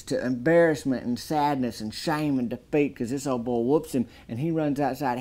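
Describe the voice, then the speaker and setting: A man giving a deadpan comedic movie review, talking in a folksy drawl and building up exaggerated hype. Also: medium pitch, normal speed, hardly any pauses.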